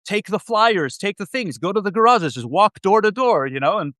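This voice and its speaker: A man voicing his gruff older immigrant father with a heavy Israeli accent, giving clipped orders. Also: high-pitched, animated, moderate pace, fairly bright tone, dry recording, pitched above the performer's own voice. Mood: bossy, insistent.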